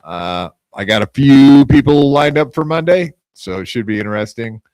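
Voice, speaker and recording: A man's voice: medium pitch, expressive, moderate pace, darkish tone, clean tone, dry recording. A man hosting a live podcast on his own, delivering a profane, taunting rant and casual sign-off chatter. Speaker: podcast host.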